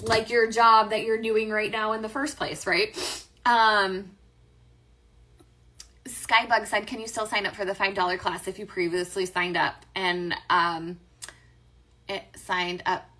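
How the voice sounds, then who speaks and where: Her mid-range voice comes across flat and sharp, at a measured pace broken by long pauses. She's the host of a live stream about affiliate marketing, reading questions from viewers and answering cheerfully and chattily, with lots of fillers and self-corrections.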